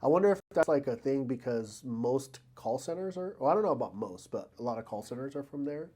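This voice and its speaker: A man co-hosting a laid-back podcast at an ordinary mid pitch. He rambles, trips over his own words and corrects himself, and slips jokes in as he goes. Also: expressive, fairly quick, mellow. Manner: rambling, self-correcting, jokey. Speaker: podcast co-host. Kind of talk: casual podcast chat.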